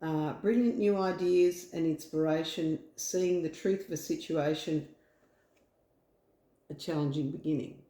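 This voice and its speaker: Working as a tarot reader in her home room, an Australian-accented woman offers a relaxed, comforting reading. Her low-pitched, dark-toned voice moves at a measured pace, rambles with fillers, and sounds roomy.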